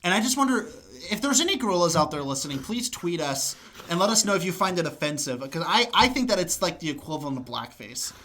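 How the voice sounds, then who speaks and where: A man's voice: a little high, sing-song, fast, sharp tone, slight background noise. A man co-hosting a casual podcast chat, rambling through tangents and dropping "like" constantly. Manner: rambling, full of "like" fillers and tangents. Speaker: podcast co-host.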